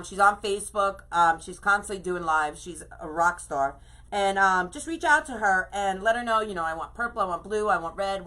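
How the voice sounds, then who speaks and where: A woman's voice: medium pitch, a bit bright. Chatty woman hosting a craft live stream. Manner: chatty, effusive, greets viewers by name. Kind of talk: casual live-stream chat while crafting.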